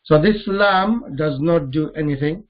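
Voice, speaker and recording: A man teaching Arabic grammar in a lesson, slowly repeating terms and putting questions to his students. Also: fairly high pitch, dull audio. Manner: slow, deliberate, repeats terms and quizzes students. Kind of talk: live online grammar lesson.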